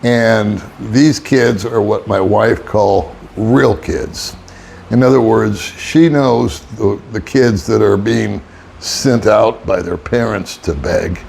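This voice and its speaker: Gravelly older man rambling. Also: lowish voice, takes it slowly, a little mellow, slight background noise. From United States. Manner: rambling, wry, chuckles often. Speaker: expat vlogger. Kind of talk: casual storytelling monologue.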